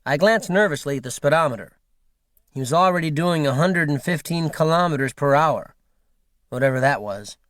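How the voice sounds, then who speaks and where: A man reading an unabridged audiobook in a steady, wry storytelling manner. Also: a little high, normal speed, no echo, studio quality. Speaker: audiobook narrator. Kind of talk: scripted narration.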